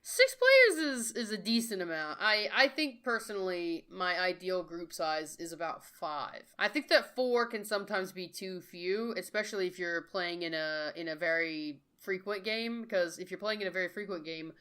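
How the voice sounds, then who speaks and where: A woman's voice: on the low side, normal speed, few pauses, a bit bright, clear, resonant tone. A woman hosting a casual podcast chat about tabletop games, leading the talk with questions. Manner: enthusiastic, leads the discussion with questions. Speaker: podcast host and dungeon master.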